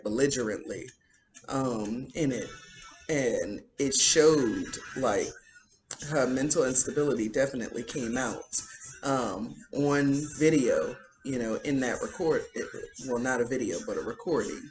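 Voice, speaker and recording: A woman's voice: very deep voice, a little mellow, a little hiss or hum, poor audio. A woman giving a casual spiritual commentary, chatty and indignant, full of "um" and "like". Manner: chatty, filler-heavy, indignant. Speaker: spiritual vlogger.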